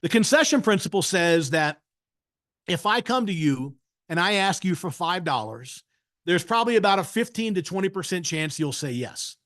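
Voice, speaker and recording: High-voiced emphatic male sales trainer. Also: animated, normal speed, fairly bright tone. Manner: emphatic, frequently tags points with "right?". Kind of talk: webinar masterclass talk.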